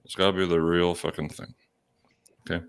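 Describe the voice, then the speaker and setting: A man's voice: low-pitched, little pitch movement, fairly quick, smooth. A man in a casual podcast chat, blunt and emphatic, swearing often.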